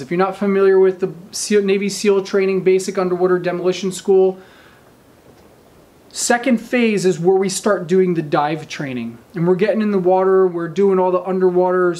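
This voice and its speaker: A man in his thirties telling a story in casual talk, animated and often checking in with his listeners. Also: high voice. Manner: animated, addresses listeners with "right?" and "okay?". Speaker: speaker telling a training story.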